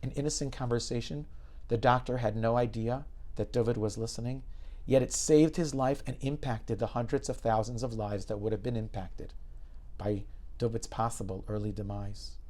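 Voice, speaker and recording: A rabbi telling an inspirational story in a dramatic, emphatic lecture style. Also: male voice, mid-range voice, steady tone, moderate pace, warm tone.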